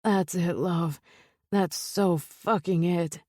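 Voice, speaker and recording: A possessive mafia lover, voiced by a woman narrator, with a low, growling purr. His tone is dark, breathy and commanding, and the recording is dry and close. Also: steady tone, takes it slowly, no echo. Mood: husky, commanding.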